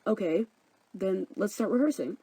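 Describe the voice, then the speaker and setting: A woman's voice: medium pitch, lively intonation, normal speed, warm tone, breathy edge, no room sound. Woman doing Quinton, a sarcastic director. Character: sarcastic amateur theatre director Quinton, man.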